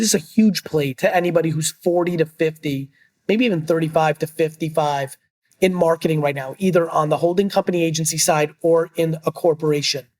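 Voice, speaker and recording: Blunt, emphatic middle-aged man. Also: on the high side. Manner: emphatic, blunt, swears casually. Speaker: guest, entrepreneur. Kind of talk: energetic business interview.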